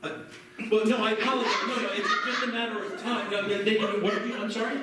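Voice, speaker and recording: An American man working as a stage hypnotist, giving slow, soothing suggestions to volunteers during a live show. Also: high-pitched, fairly even intonation, heavy background noise. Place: library hall before an audience. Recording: echoey hall, heard from far off.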